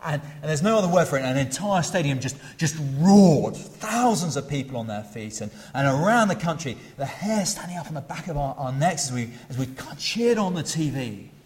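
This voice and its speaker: A middle-aged man preaching a sermon in a church, his voice carried by the long reverb of a large hall. He hesitates often, filling gaps with "uh" and restarting phrases, then grows animated when he acts out a crowd. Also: on the high side, normal speed, hardly any pauses.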